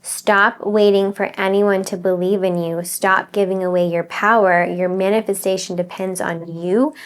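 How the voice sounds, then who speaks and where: A woman's voice: mid-range voice, fairly even intonation, normal speed. A woman who coaches mindset, talking straight to her viewers in an earnest, encouraging way and repeating her key phrases. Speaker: mindset coach and channel host. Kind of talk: motivational talk to camera.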